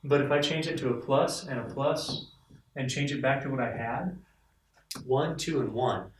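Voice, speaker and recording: A man teaching a math lecture to students, enthusiastic and animated as he walks through examples. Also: medium pitch, normal speed, reverberant, recorded from a distance, slight background noise, rough recording.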